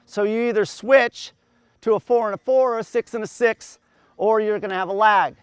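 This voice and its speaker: High-voiced man coaching, counting breaths aloud. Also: moderate pace, clear, resonant tone, no echo. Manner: explains step by step, counts breaths aloud in rhythm. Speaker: endurance coach. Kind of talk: outdoor coaching talk to a group.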